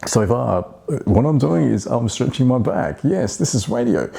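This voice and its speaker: A man's voice: mid-range voice, expressive, normal speed, vocal fry, mellow. A man talking casually to camera in a rambling monologue full of restarts and fillers. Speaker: vlogger.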